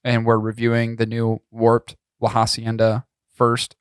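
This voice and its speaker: A man's voice: mid-range voice, completely flat delivery, measured pace, smooth, dry recording. Male podcast co-host, casual and profane, throat a bit scratchy, dry close mic. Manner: loose, profane, jokey. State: coughing, tickle in throat. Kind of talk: casual chat.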